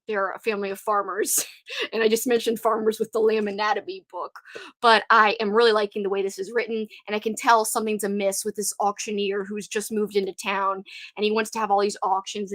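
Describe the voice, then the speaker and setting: A woman's voice: medium pitch, fairly bright tone, dry recording, studio quality. A young woman from Louisiana with a Cajun accent, chatting casually with viewers on a livestream, rambling and giggly. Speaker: livestream host.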